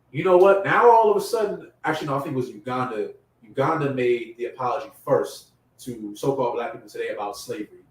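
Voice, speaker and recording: A man preaching a sermon in casual slang, growing impassioned and loud at his emphatic peaks. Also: mid-range voice. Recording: echoey room from far off.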